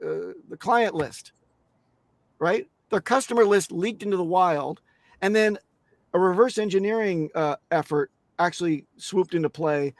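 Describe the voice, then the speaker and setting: A man's voice: sits high, no echo. A man speaking as a guest on a crypto interview show, emphatic and blunt, swearing casually and restarting his sentences often.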